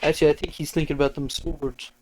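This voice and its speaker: A man's voice: fairly high pitch, flat delivery, fast, noisy background. A young man co-hosting a casual podcast, joking around, rambling and trailing off mid-sentence. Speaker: podcast co-host.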